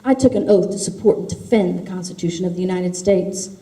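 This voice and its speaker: A woman mimicking a curt, condescending male politician in a lowered voice during a speech. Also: fast, dark tone, recorded from a distance, close to an everyday voice. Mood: stern. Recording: echoey hall.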